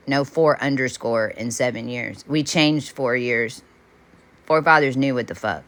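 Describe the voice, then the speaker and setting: Low-voiced woman, intense and profane. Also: a little slow, a bit bright. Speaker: self-styled channeler. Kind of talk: rambling spiritual monologue.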